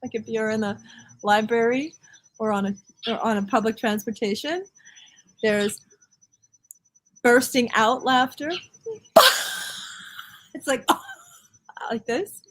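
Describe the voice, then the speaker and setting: A woman talking as a guest in a casual conversation, chatty and expressive and often laughing as she speaks. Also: on the high side, slow pace, long pauses, slight background noise, low-quality recording.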